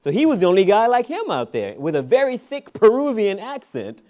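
A male preacher telling a personal story in a sermon, animated and often laughing, drawing "Amen" responses. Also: high-pitched, brisk.

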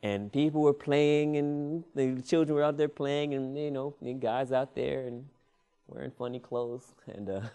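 A man's voice: mid-range voice, unhurried, clean tone. Preacher guy spinning a funny story from the pulpit, lots of amens, chuckles a lot. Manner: animated, laughing, call-and-response "Amen". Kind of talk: storytelling sermon.

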